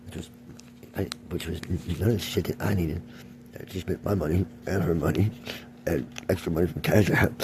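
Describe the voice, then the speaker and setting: A man's voice: low voice, background noise. A man venting in a rambling, heavily profane, agitated rant to camera.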